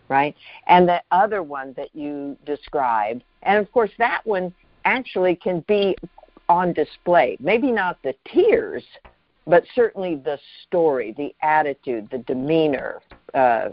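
A show host reflecting slowly and thoughtfully, often pausing to find the next phrase. The voice sits in a middle register, recorded close and dry with a slightly muffled, lo-fi sound. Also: medium pitch, expressive, no echo. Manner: thoughtful, searching, halting phrasing. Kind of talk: reflective spiritual talk.

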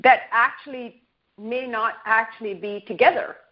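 Woman co-hosting, thoughtful, bit high voice, dull lo-fi sound. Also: steady tone, normal speed. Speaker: co-host. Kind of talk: reflective talk show.

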